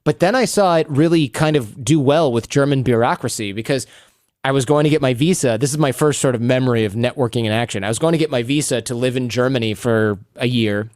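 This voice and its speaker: Smooth-voiced man telling stories. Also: medium pitch, quick pace, no room sound, clean studio sound. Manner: animated, acts out quoted people in raised voices. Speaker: podcast guest. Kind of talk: storytelling interview talk.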